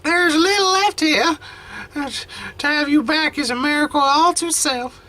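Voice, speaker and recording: A man voicing a frail, tender elderly grandmother in a game, with a high, quavering old-lady voice and slow, drawn-out lines. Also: sharp tone, full character voice, poor audio.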